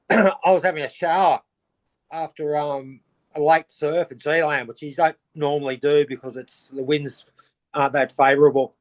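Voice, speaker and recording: A middle-aged Australian man telling casual anecdotes as a podcast guest, animated and acting out the voices of the people in his stories. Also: fairly high pitch. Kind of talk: casual storytelling.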